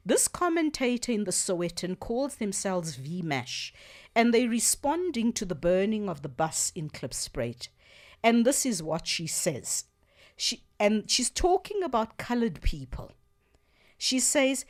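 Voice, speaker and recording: A woman's voice: mid-range voice, very animated, measured pace. Earnest woman radio host. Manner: earnest, emphatic, thinking aloud. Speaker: radio talk show host. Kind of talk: talk radio commentary. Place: radio studio.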